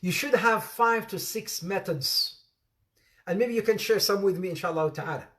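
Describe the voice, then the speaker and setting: Speaking at normal speed, a man with a high, slightly bright voice teaches an interactive religious lesson as an Islamic teacher. He leans on repeated phrases for emphasis, names his students as he calls on them, and keeps laughing and joking in playful asides.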